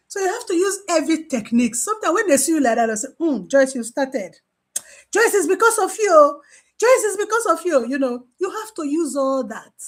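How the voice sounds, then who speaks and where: High-voiced woman teaching. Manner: animated, repeats key phrases, acts out exchanges with patients. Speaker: mental health nurse and trainer. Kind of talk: informal training talk.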